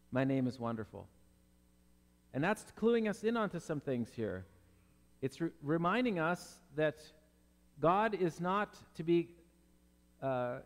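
A man preaching a sermon, his voice sitting a little high. He talks earnestly and conversationally, and the sound trails off into a long reverb. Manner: earnest, conversational, acts out Bible characters. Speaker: pastor.

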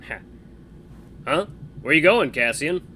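Man voicing a cheerful young guard, hearty, loud, bright tone, animated. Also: fairly high pitch, slow, a little hiss or hum, exaggerated voice. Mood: reassuring.

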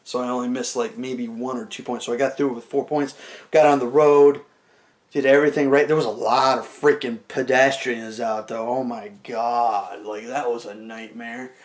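A young man talks straight to the camera in a loose, rambling stand-up style, acting out the moves as he goes. His voice sits at an ordinary middle pitch, and he keeps filling gaps with "like" and "you know". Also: fairly even intonation, normal speed. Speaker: comedian telling a story to camera. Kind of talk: casual stand-up storytelling.

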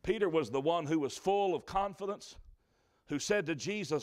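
A man preaching a sermon in a church, telling the stories dramatically and swinging between loud and hushed delivery. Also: on the high side, lively intonation, moderate pace.

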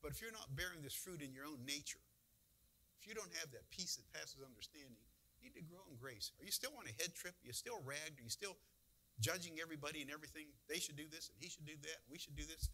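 A man pastor preaching in a bright, forceful voice. His delivery is folksy and conversational, with sudden emphatic bursts, and it sits a little high for a man. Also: lively intonation, quick pace, rough recording. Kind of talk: sermon.

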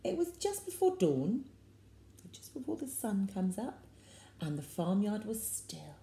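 A woman reads a picture book aloud to children, slow and unhurried with a lively, swooping delivery. Her voice is low and mellow, and she drops into soft whispers for asides. The room gives it a noticeable echo. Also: gravelly, a little hiss or hum. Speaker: storyteller for children. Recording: echoey room.

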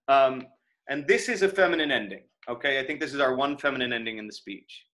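A man giving a lecture on verse scansion, thinking aloud and reading lines slowly with stress. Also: mid-range voice, bright, forceful tone.

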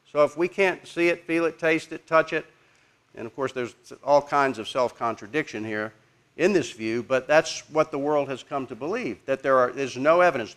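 A man with a somewhat high speaking voice teaches a congregation. His delivery is informal and conversational, with restarts, and he stops now and then to put questions to the listeners. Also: a bit bright. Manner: informal, halting, asks the audience questions. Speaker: preacher teaching apologetics.

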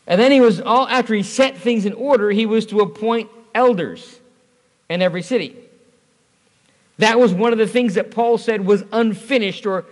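A man preaching an evening sermon as pastor, conversational and storytelling, asking the congregation rhetorical questions. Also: high voice. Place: church. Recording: church hall reverb.

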